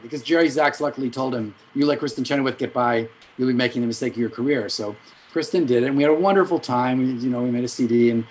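A middle-aged man, a music director and vocal coach, telling rambling anecdotes in an interview, with quick asides and self-corrections. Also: mid-range voice, low-quality recording. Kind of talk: storytelling in an interview.

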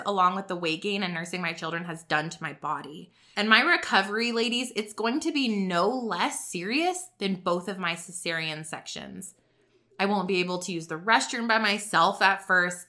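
This is a woman in her thirties talking straight to her listeners in a heartfelt podcast monologue. Her voice is bright and forward, with a mid-range pitch. She sounds earnest and close to tears. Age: 30s. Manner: earnest and emotional, choking back tears. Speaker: podcast host. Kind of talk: personal monologue.

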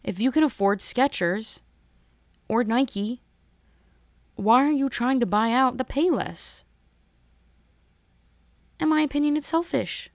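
A woman's voice: fairly high pitch, slow, pauses often, dry recording. New woman on a sarcastic rant, voice jumping all over, dry close sound. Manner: animated, sarcastic, jumps between topics. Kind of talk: casual ranting monologue.

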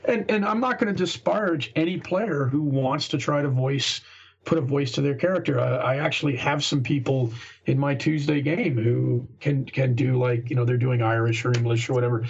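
Raspy gravelly man talking gaming. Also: medium pitch, normal speed, lo-fi sound. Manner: earnest, rambling with many restarts. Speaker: guest game master. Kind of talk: casual podcast conversation.

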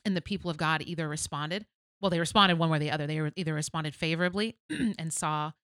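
A woman's voice: sits low, fast, a bit bright, no echo, clean studio sound. Earnest woman co-hosting a faith podcast. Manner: earnest and emphatic, frequent affirming murmurs. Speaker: podcast co-host. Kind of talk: casual faith podcast chat.

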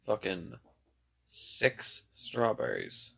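A tired man chatting casually with a friend, teasing and laughing between yawns. His voice is heavily gravelly and full of fry, and his pitch rises and falls a lot as he jokes. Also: huge pitch swings, drawn-out words, a bit bright. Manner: joking, teasing, laughs often. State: yawning, tired. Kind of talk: casual chat.

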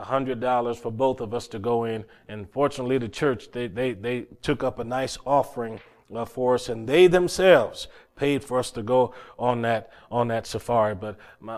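A man preaching and telling stories, often repeating words and climbing louder as he gets worked up. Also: medium pitch. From North Carolina, USA. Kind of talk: sermon storytelling.

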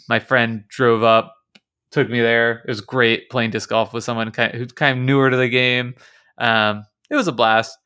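A man's voice: medium pitch, pushed and bright, clear, resonant tone. A young man from Kansas co-hosting a podcast, telling stories in a chatty way full of fillers and restarts. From Kansas, United States. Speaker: podcast co-host. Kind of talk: casual podcast chat.

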